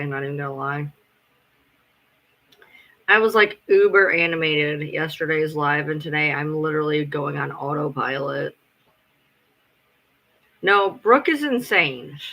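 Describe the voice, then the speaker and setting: Bright-voiced, swearing streamer guy. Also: fairly high pitch. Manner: rambling, profane, answers chat. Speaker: live streamer. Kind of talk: casual live-stream chat.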